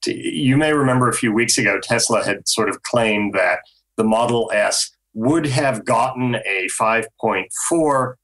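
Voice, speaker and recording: Guy with a low voice and crisp bright tone, chatting on a car news panel show, measured. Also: poor audio. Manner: measured, explanatory, frequent ums. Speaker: automotive journalist panelist. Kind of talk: podcast panel discussion.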